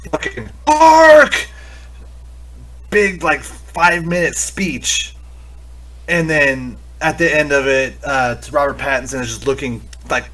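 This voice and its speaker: A man's voice: medium pitch, bright, forceful tone. A man co-hosting a podcast, chatting casually and profanely about a horror movie and laughing as he retells scenes. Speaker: podcast co-host.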